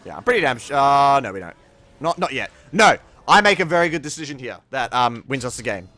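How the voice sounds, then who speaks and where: A man's voice: mid-range voice, fairly quick, no echo. Laid-back swearing young gamer guy. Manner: laid-back, swears freely, bursts into excited outbursts. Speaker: gameplay commentator. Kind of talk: casual gameplay commentary over footage.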